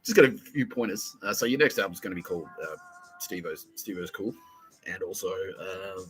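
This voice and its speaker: A man hosting a crude comedy podcast, swearing freely, laughing often and mimicking people in quick asides. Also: deep voice, a bit bright, soft background music, poor audio. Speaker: podcast host.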